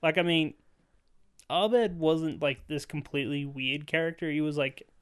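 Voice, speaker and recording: A young man in casual podcast chat, voice sitting a touch on the higher side. He talks loosely and swears freely as he rambles through opinions. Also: unhurried, clear, resonant tone. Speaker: podcast co-host.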